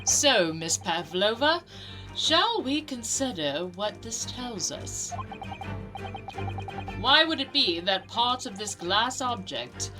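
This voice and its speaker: A woman's voice: a little high, big pitch swings, slow pace, poor audio. A woman voicing a grand, theatrical detective. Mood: grandiose. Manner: reads game dialogue aloud dramatically. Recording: game music behind.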